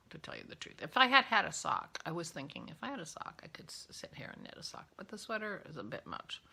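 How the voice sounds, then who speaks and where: A woman's voice: low voice, creaky, pushed and bright. A woman hosting a casual morning coffee vlog from home, rambling and easily sidetracked, a little yawny. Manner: rambling, easily distracted, chatty. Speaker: vlog host.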